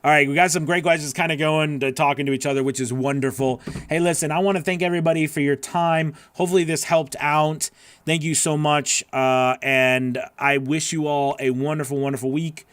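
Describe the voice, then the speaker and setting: A man's voice: on the high side, fairly even intonation, a little fast, fairly bright tone, no echo. Earnest, encouraging male voice-over coach. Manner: earnest and encouraging, rambling with restarts. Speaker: voice-over coach hosting a live class. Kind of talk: live-stream Q&A, reading and answering chat questions.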